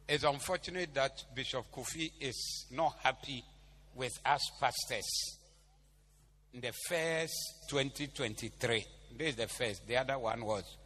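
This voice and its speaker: A man's voice: mid-range voice, a bit bright. A man with a Ghanaian accent preaching a sermon to a congregation, bantering and joking with them as he teaches. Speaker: pastor. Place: large church hall. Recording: echoey hall, faint hum.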